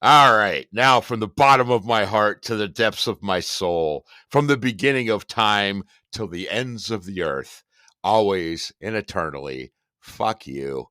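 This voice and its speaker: A man's voice: lowish voice, measured pace, sharp tone, no echo, clean studio sound. A man co-hosting a podcast, giving short replies and a playful, profane sign-off. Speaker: podcast co-host. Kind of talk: casual chat, show sign-off.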